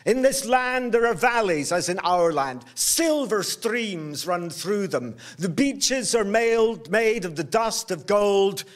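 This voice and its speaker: A male storyteller unfolds an old tale in a slow, measured rhythm. His voice sits high for a man, and he lets each phrase land before the next. It is a live telling indoors at a workshop event. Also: animated.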